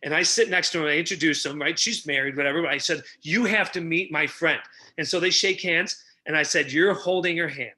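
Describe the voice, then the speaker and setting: High bright-voiced guy telling stories, super animated, acts out every line. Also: fast, hardly any pauses. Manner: energetic, acts out quotes with big pitch jumps. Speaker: podcast guest, relationship coach. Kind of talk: animated storytelling.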